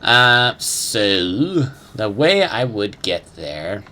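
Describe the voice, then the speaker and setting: A man's voice: fairly low pitch, big pitch swings, extremely slow, pushed and bright, a little hiss or hum. Rambling young man narrating gameplay. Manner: rambling, unsure, swears casually, hums sound effects. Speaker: gamer. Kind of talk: casual gameplay commentary.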